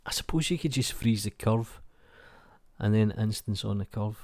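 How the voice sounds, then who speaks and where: Laid-back British man with a mellow voice. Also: lowish voice, gravelly. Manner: laid-back and chatty, swears often, calls people mate. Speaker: YouTube channel host. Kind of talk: casual chat reading out viewer comments.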